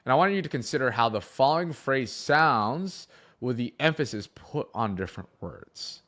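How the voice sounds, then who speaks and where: A young man coaching on sales, talking to camera in an animated way, shifting his emphasis and pace for effect. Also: mid-range voice, normal speed.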